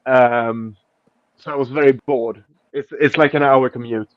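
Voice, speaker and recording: A man's voice: mid-range voice, steady tone, measured pace, no room sound. Man, casual sweary chat, mocking, dry close sound. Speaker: podcast host. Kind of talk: casual chat, reading out tweets. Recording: dull lo-fi, dry.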